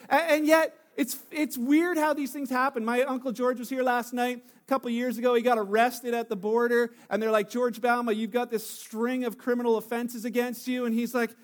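A man's voice: very high voice, fairly quick, hardly any pauses. A man giving a chatty sermon full of jokes and stories, with many fillers and restarts, from Canada. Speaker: pastor.

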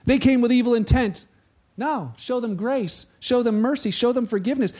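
High-voiced pastor telling a story. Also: male voice, fairly quick. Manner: animated storytelling, acts out voices. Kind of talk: conversational sermon.

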